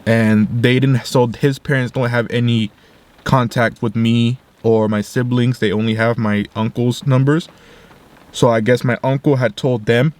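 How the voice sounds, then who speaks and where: Young male vlogger, mid-pitched, soft and faltering, personal story to camera. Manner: quiet, halting retelling with restarts. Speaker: video creator.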